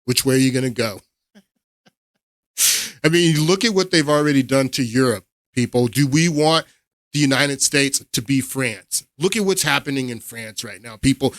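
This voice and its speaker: A man's voice: mid-range voice, moderate pace, no room sound, clean studio sound. A man hosting a political commentary show, talking emphatically to his viewers and laughing in disbelief.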